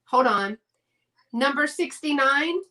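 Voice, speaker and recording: A woman's voice: sits high, lively intonation, slow, pushed and bright. A woman hosting a casual live-stream sale, chatty and gushing over her items.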